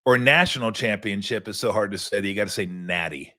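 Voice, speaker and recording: A man's voice: lowish voice, brisk, bright, forceful tone. An older man hosting a sports talk show, rambling in a casual monologue with profane, sarcastic asides.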